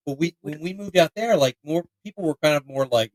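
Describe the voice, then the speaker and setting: A man from the area, hosting a casual podcast chat in a profane, rambling, animated way. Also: on the high side, normal speed, no echo, rough recording. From Philadelphia area, US. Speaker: podcast host.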